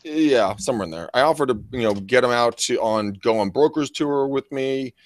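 A middle-aged man co-hosts a podcast in loose, casual chat, rambling through a story with plenty of swearing and laughter. His voice sits at an ordinary middle pitch, and it comes across dry and close, with no room sound. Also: moderate pace, dry recording. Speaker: podcast co-host.

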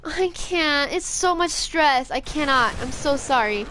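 High-voiced, jittery young woman streamer. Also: measured pace, few pauses, slight background noise. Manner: profane, jittery, excitable. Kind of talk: frantic gameplay commentary.

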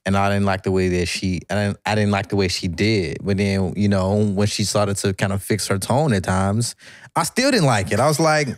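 Low voiced guy cohost, frank and reflective, dry close sound. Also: normal speed, no echo. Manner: reflective, frank about himself. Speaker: co-host. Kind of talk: casual conversation.

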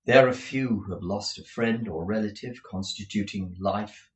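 A man with a fairly low voice reads a classic novel aloud. He often trips over words and goes back to correct himself as he goes. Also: moderate pace, poor audio. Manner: frequent restarts and self-corrections. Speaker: audiobook reader.

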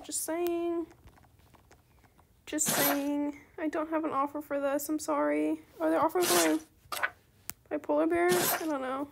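Woman, casual game commentary host, high voice with gravelly fry, chatty with excited squeals. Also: very noisy. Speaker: gaming channel host.

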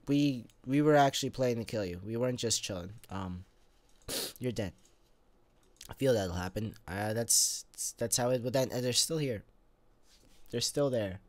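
Excitable young man, bright lively voice. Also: mid-range voice, no echo, clean studio sound. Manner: excitable, talks to viewers, complains at the game. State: fits of sneezing and coughing. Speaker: gamer. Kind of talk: let's play commentary.

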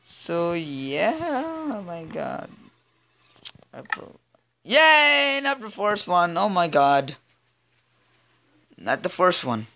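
A let's play gamer giving casual commentary, excitable and often stammering or blurting out sudden exclamations. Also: medium pitch, takes it slowly, vocal fry, pauses often.

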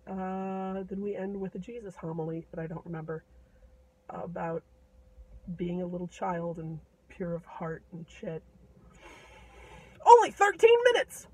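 A woman's voice: mid-range voice, distant mic, poor audio. A woman casually retelling a fairy tale in a chatty, irreverent way, full of fillers. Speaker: storyteller.

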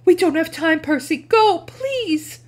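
A frightened, determined mother pleads with her son to flee, her voice rising high and strained, as a woman reads her lines aloud. The lines come quick and urgent from a storybook read-aloud. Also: expressive, heavily acted. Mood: pleading.

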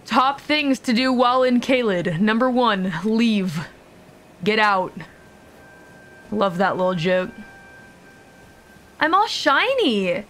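A woman's voice: mid-range voice, takes it slowly, pauses often, a little hiss or hum. A young woman streaming a video game, chatting casually with her audience, joking around and swearing freely. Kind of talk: casual live-stream commentary.

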